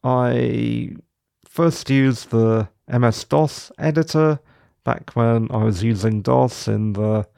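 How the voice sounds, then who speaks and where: A man's voice: mid-range voice, slow pace, gravelly, warm tone, clean tone, no room sound, clean studio sound. A middle-aged man hosting a solo podcast, chatting in an opinionated, rambling, self-deprecating way. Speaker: podcast host. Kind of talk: solo casual podcast chat.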